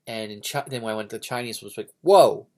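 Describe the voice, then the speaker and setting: A man's voice: on the low side, little pitch movement, rapid-fire, a bit bright. A man talking casually and unscripted about a novel, rambling with many fillers and restarts. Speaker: book reviewer. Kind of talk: casual unscripted book review.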